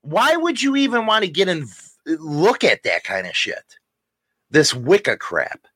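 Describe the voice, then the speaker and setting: Profane, animated male podcast co-host. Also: fairly high pitch, a little slow, slightly rough, dry recording. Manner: profane, ranting, teasing. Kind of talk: casual banter.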